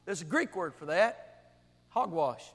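A man preaching a sermon, his voice high and bright. He moves between hushed, intense passages and shouted peaks. The sound rings with the long reverb of a big hall. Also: lively intonation, unhurried, vocal fry. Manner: swings from quiet intensity to shouting. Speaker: pastor.

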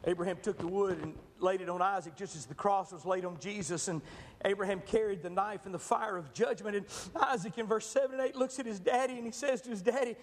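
A man preaching a sermon, shifting from impassioned shouts to soft, quiet storytelling. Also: sits high, fast. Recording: reverberant hall, faint noise.

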